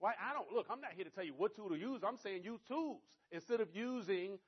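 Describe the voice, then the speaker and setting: High-voiced man giving a sales pep talk. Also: a little fast, breathy edge. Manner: animated storyteller, repeats catchphrases, coaches listeners directly. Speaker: network marketing speaker. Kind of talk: motivational sales talk to an audience. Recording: dull lo-fi recording.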